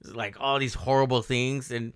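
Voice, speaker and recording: A man's voice: mid-range voice, steady tone, normal speed, fairly bright tone, smooth, dry recording, clean studio sound. A man in his forties co-hosting a podcast, chatting casually and rambling with lots of fillers. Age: 40s. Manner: rambling, laughing, full of fillers. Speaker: podcast co-host. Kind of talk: casual chat.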